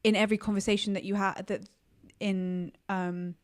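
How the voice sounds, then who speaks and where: A woman co-hosting a podcast, talking about a film in an animated, casual way. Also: medium pitch, normal speed. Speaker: podcast co-host.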